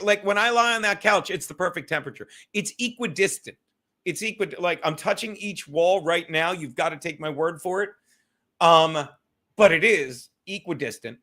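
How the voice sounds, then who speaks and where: High bright-voiced man chatting loosely. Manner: loose, profane, rambling, talks to chat. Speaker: livestream host. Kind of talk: casual solo livestream chat. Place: his home. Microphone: streaming setup.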